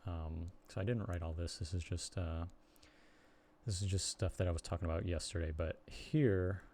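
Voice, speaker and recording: A man's voice: deep voice, fairly even intonation, moderate pace, mellow, a little hiss or hum. A man casually chatting on a live stream while he works on a blog post, hesitant and apologetic, with lots of ums. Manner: hesitant, apologetic, many fillers.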